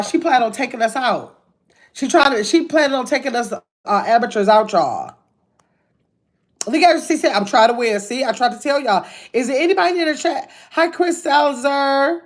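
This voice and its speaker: An older woman, chatting casually on a livestream from a hotel room, reading viewer comments and calling them y'all. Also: on the high side. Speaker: livestream host.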